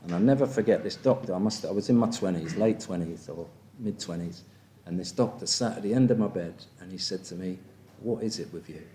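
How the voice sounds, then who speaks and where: English man, 50s, deep low voice, candid and blunt recovery-meeting share, faint background noise. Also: brisk, warm tone. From England. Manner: frank and blunt, with frequent "do you know what I mean". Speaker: speaker sharing at a recovery meeting.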